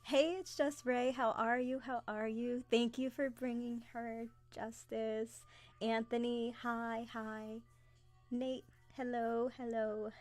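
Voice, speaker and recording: A young adult woman hosting a casual live stream, chatty and excitable, greeting viewers by name as she talks. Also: a little high, slow pace, faint music behind.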